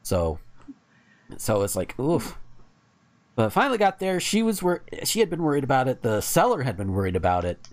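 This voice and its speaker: A man's voice: mid-range voice, normal speed. A man co-hosting a podcast, telling stories in casual chat, swearing and laughing often. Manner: animated, swearing, laughing storyteller. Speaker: podcast co-host.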